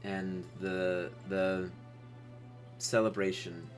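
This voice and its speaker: A man's voice: low-pitched, flat delivery, very slow, faint music behind. A man narrating as game master in a live tabletop game, loose and hesitant in delivery. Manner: loose, hesitant with fillers, friendly.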